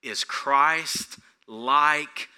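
Bright-voiced man preaching a sermon. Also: fairly high pitch, extremely slow, clear, resonant tone. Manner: preaching without notes, asks the congregation questions. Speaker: pastor.

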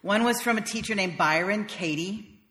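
A woman's voice: medium pitch, moderate pace, fairly bright tone, big-room sound, slight background noise. A woman minister from the South, preaching a sermon in a wry, conversational storytelling manner. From American South.

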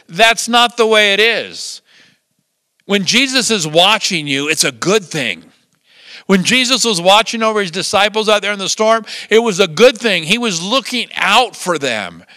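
Animated older male preacher. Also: high-pitched, dry recording. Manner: lively storytelling with chuckles and acted-out quotes. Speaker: pastor. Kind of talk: sermon.

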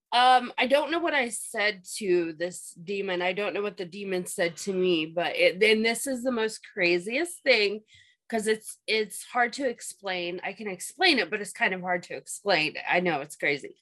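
A woman's voice: medium pitch, measured pace, a bit bright, poor audio. A woman telling a personal story in a casual chat, rambling and repeating herself with many fillers. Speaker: guest telling a paranormal experience.

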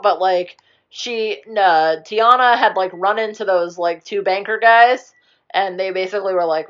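A woman's voice: mid-range voice, animated, unhurried, highs cut off. A young woman chatting casually, rambling through a movie plot, swearing now and then and acting out the characters' lines. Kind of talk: casual chat retelling a movie.

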